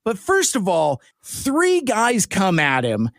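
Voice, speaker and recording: A man's voice: high voice, takes it slowly, no room sound, studio quality. A man co-hosting a podcast, chatting casually and animatedly, laughing often. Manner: animated, laughs often, does silly voices. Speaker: podcast co-host. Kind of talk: casual chat.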